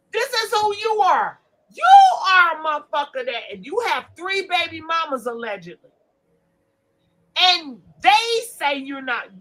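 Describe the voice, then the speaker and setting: A woman's voice: sits high, pushed and bright. A woman ranting in a blunt, profane commentary, scolding her listeners and mocking the people she talks about. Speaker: commentary vlogger.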